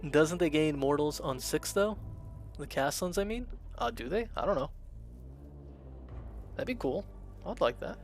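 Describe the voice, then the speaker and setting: A man's voice: on the high side, expressive, normal speed, long pauses, soft background music. A man chatting casually on a game stream, rambling with lots of fillers and reading chat aloud. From Russian-speaking family, immigrated to America. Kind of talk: casual live-stream chat while gaming.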